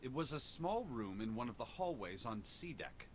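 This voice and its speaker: An actor voices a poised young gentleman in a video game. He speaks formally and politely, with a lively, rising and falling pitch. A faint low rumble sits beneath him. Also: moderate pace, natural voice. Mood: calm.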